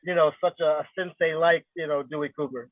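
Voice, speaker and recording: A man's voice: fairly high pitch, steady tone, a little fast, no room sound. A man, a guest fighter in a casual interview, talking confidently and rambling with lots of fillers. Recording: tinny phone-like line, dry.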